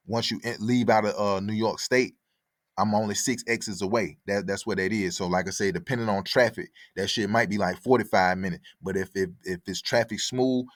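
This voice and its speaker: A man's voice: low voice, no echo, studio quality. A man telling a story in casual, profane, rambling talk as a podcast host, often repeating himself. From born in Connecticut, raised in Atlanta.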